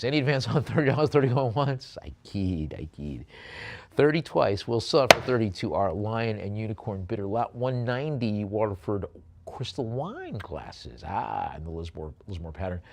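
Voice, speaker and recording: Calling bids at a live auction, this man speaks at a fairly low pitch with lively intonation. Quick bid calls give way to meandering, hesitant comments about what's up for sale.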